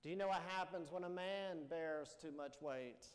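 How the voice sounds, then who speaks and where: A pastor giving a Sunday sermon in a measured, emphatic preaching manner full of rhetorical questions. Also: male voice, a little high. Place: church sanctuary. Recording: long church reverb.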